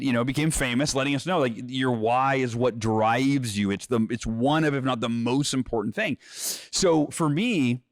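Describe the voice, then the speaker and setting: A middle-aged man speaking as an interview guest, animated and earnest, slipping into little acted-out voices to make his points. His voice sits at an ordinary middle pitch. The studio sound is dry and close, with no room around it. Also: dry recording. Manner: energetic, acts out inner voices and quotes; repeats words when restarting. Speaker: author and guest. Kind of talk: conversational interview, teaching.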